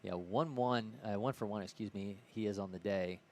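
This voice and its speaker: A man's voice: on the low side, moderate pace, a little mellow, a little hiss or hum. A man from Ohio calling a live baseball game play-by-play in an easygoing way, correcting himself as he goes. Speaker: play-by-play commentator.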